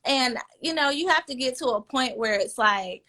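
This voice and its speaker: A woman with a bright, high-set voice speaks earnestly in a relaxed podcast conversation. She coaches on fertility and draws on her own experience, turning animated when she imitates others. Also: normal speed, hardly any pauses.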